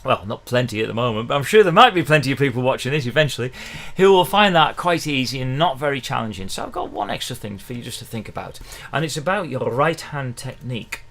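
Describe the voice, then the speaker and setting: A middle-aged Englishman teaches ukulele in a chatty, encouraging livestream lesson, counting in the beats while a ukulele plays faintly in the background. His medium-pitched voice is animated, a bit bright, and quick.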